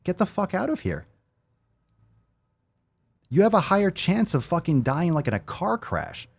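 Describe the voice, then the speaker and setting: A man's voice: sits high, big pitch swings, a little slow, creaky, slightly rough. A man hosting a fitness show, ranting in a heated, profane way. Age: adult, 30s or older. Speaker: host. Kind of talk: fitness podcast rant.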